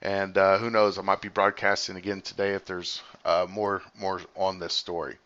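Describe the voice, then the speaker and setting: Low-voiced man rambling on a livestream. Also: flat delivery, a bit bright, dull audio. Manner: rambling, thinks aloud with many fillers; talks fast while reading comments. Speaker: livestream host. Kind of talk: casual livestream commentary.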